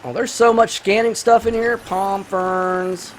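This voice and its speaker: A man hosting a gaming channel, talking casually over his gameplay in a high, bright voice. He rambles with enthusiasm and fills the gaps with plenty of ums and you-knows. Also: flat delivery, fairly quick, slight background noise. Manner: rambling and enthusiastic, full of fillers. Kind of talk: casual let's-play commentary with movie review.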